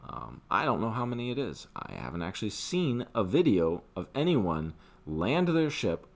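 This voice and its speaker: An older man with a low voice rants in a casual way at his desk. His pitch swings wildly from gruff mutters to sudden high, loud outbursts. He sounds like he is talking off the cuff into a desktop mic. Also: very animated, normal speed. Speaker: gaming commentator. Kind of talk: casual rant.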